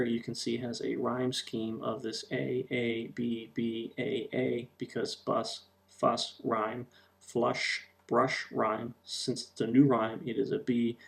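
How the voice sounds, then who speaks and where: A man explains a lesson over slides, pausing often on ums and uhs. His voice has a gravelly edge at a middle pitch. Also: level tone. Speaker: teacher.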